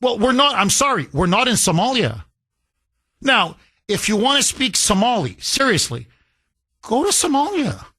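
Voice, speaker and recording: A man's voice: extremely high pitch, sing-song, moderate pace, pushed and bright, husky. A man hosting a talk radio show, delivering a combative opinion monologue full of incredulous rhetorical questions, with a slight accent. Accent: slight foreign accent.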